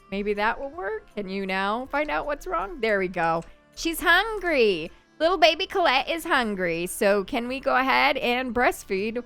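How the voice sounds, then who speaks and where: A woman's voice: fairly high pitch, fairly bright tone, clean tone. Chatty woman narrating gameplay. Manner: chatty, talks to the game characters. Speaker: gameplay commentator. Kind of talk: casual let's-play commentary.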